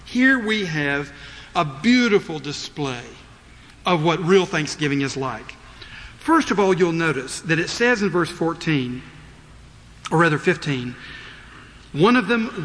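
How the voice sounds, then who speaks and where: A man preaching a sermon as pastor, animated, acting out the voices of his listeners. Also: a little high, normal speed, long reverb tail, a little hiss or hum.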